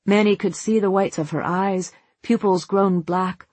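A narrator reading a novel aloud in a slow, deliberate voice with a husky grain. The sound is dry and close, with no room around it, and the pitch sits in a middle range. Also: steady tone, darkish tone, no echo. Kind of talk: audiobook narration.

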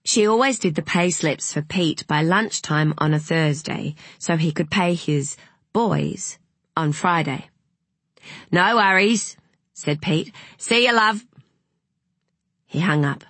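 A woman narrating an audiobook in a measured, unhurried way, with a breathy voice. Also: sits low, no echo.

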